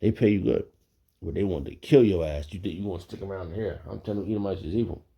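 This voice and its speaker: A man telling a casual story, animated and profane, laughing often. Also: deep voice, quick pace, gravelly.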